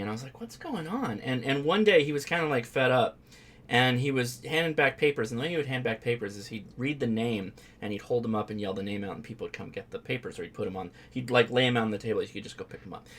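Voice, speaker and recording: A man's voice: medium pitch, fast, fairly bright tone. A man hosting a ham radio live stream, chatting casually and rambling with fillers and restarts.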